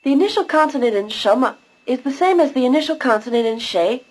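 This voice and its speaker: A woman with a fairly high voice narrates a recorded language lesson. She talks slowly and clearly, explaining pronunciation one step at a time. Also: animated, rough recording. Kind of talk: scripted instructional narration.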